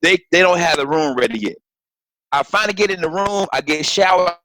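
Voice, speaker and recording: A man and guest comedian telling a story in casual, animated chat on a remote call, swearing and acting out voices. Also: high-pitched, brisk, heavy background noise. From Florida. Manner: animated, profane, acts out voices.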